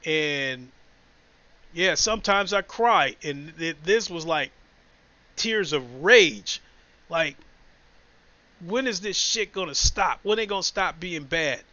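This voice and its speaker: Man with a high, bright voice, blunt casual sports rant, muffled and dry. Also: animated, slow, pauses often, no room sound. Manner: blunt, profane, emotional storytelling. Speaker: sports commentator.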